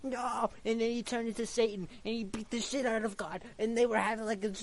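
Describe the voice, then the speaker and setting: A man's voice: sits high, little pitch movement, fast talker, slight background noise. A man telling an improvised, rambling story full of stammering restarts.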